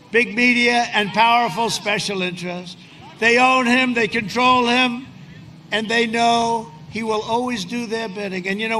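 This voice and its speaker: A man giving a rambling, boastful rally speech outdoors in cold wind, often shouting to a crowd. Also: high-pitched. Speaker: politician speaking at a rally. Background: large cheering crowd and wind.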